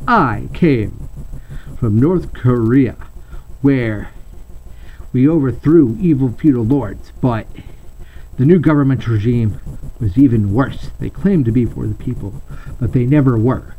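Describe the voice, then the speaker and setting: A man's voice: medium pitch, measured pace, pauses often, natural voice. A man voicing a tiny, chatty male dinosaur monster who rambles earnestly about his past. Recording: slightly muffled home recording.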